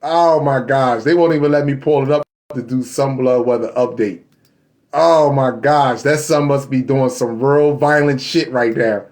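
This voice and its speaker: A man's voice: medium pitch, steady tone, normal speed, few pauses, darkish tone. A man hosting a casual live stream and talking straight to his viewers. He sounds frustrated and keeps laughing about his computer freezing up. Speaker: livestream host.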